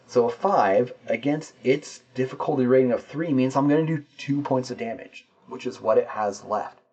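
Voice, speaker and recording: A man's voice: medium pitch, moderate pace, darkish tone, slightly rough, muffled recording. A man playing a tabletop game solo, narrating the scene and explaining his dice rolls and rules as he goes.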